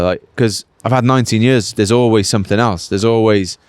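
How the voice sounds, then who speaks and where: A man's voice: lowish voice, a little fast, a little mellow, clear, resonant tone, no echo. A Welsh man in his late thirties, a professional cyclist chatting casually in an interview, rambling with lots of "like" and "mate". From Wales. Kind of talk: casual post-race interview.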